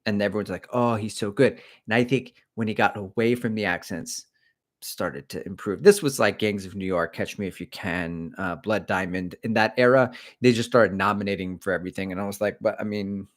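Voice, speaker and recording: Low-voiced middle-aged man, rambling livestream chat. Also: fairly quick, fairly bright tone. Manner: rambling, opinionated, chatty. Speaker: running coach and channel host.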